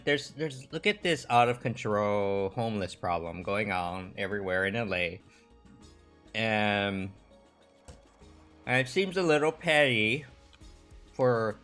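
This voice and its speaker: Rambling low-voiced man, halting chat. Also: sharp tone. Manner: rambling, halting, lots of fillers. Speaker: livestream host. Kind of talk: casual chat with live viewers.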